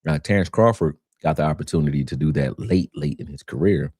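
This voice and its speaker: A man with a very low voice talks boxing as a coach hosting a casual live stream. He chats straight to his viewers, loose and conversational, often repeating words while he lines up his point. His throat is slightly rough, and the sound is dry and close with no room echo. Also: brisk, a little mellow. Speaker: boxing coach and show host. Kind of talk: casual livestream commentary.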